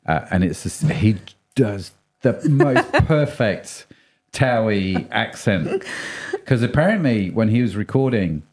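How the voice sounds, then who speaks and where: A man's voice: fairly low pitch, very animated, takes it slowly, a little mellow. A man co-hosting a podcast in a chatty, playful, rambling way. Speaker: podcast co-host. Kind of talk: casual chat.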